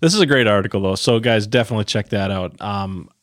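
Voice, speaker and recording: A man's voice: fairly low pitch, quick pace, fairly bright tone, no room sound. A man co-hosting a podcast, chatting casually with dry wisecracks. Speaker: podcast co-host. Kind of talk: casual chat.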